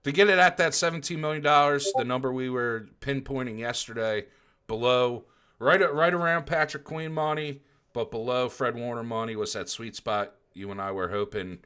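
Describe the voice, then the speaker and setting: A man co-hosting a sports podcast, explaining things in a casual, steady chat. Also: mid-range voice, moderate pace, smooth. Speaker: podcast co-host.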